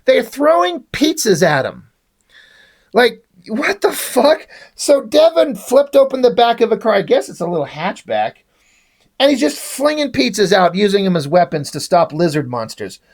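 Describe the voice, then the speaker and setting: A man's voice: high voice, sing-song, moderate pace, a little mellow. A man reviewing a comic book in a casual rant, sarcastic, exasperated and full of swearing.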